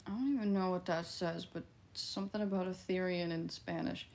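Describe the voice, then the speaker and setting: Woman streamer, Midwestern twang, fry-heavy voice, casual and profane. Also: on the low side, steady tone, a little fast, a little mellow. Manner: blunt, offhand and profane, laughs often. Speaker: livestreamer. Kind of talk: casual livestream chat, reading viewer comments.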